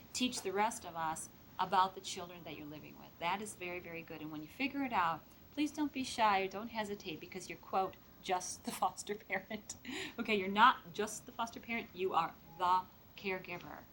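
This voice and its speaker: A woman's voice: medium pitch, a little hiss or hum. A middle-aged woman giving a lecture to foster parents and acting out the voices in the stories she quotes. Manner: lively, acts out quoted voices. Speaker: speaker training foster parents.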